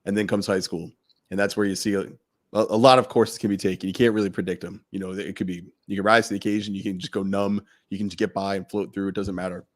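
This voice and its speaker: Podcast co-host, male, low voice, blunt profane rant that builds up steam. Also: flat delivery, fast.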